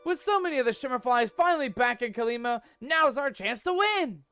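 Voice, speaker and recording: A man's voice: very high-pitched, animated, fairly quick, fairly bright tone, clear, resonant tone, no echo, studio quality, soft background music, voice pushed up. A man voicing an eager young farm boy bug scout, reading game dialogue aloud in an earnest, pleading way.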